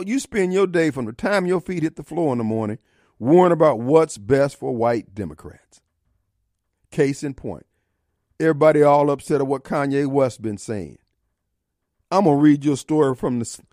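Animated high-voiced talk radio host. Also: male voice, moderate pace, no echo, clean studio sound. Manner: combative, mocking, preachy rants. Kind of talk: opinionated talk radio monologue. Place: radio studio.

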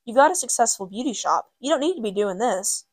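A steady, gentle mother with a quiet bitterness underneath, voiced by a woman narrator. It is recorded dry and close. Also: fairly high pitch, a little fast, breathy edge, dry recording. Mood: firm.

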